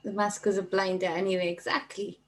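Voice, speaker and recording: A woman hosting a casual livestream, chatting warmly and reading viewer comments aloud. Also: medium pitch, level tone, brisk, low-quality recording. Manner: chatty, reads viewer comments aloud and thanks them by name. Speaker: livestream host.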